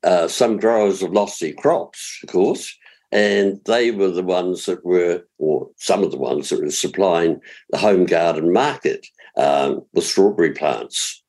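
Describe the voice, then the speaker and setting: Husky low-voiced older New Zealand man. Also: a little mellow. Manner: chatty, explanatory, spells words out slowly. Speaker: gardening expert. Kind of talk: radio gardening advice chat.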